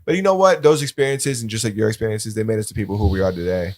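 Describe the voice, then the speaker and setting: A man's voice: fairly low pitch, racing, no echo. A young man co-hosting a podcast in casual banter, rambling and laid-back with lots of fillers. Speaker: podcast co-host.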